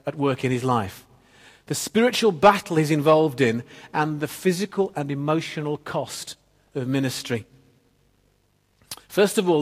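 Preacher man in an echoing hall. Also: a little high. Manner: storytelling, trailing off to quiet ends of phrases. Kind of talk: sermon. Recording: long reverb of a church hall.

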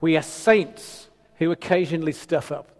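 A man's voice: fairly high pitch, normal speed. A man preaching a sermon in a conversational, teasing, emphatic way. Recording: reverberant hall.

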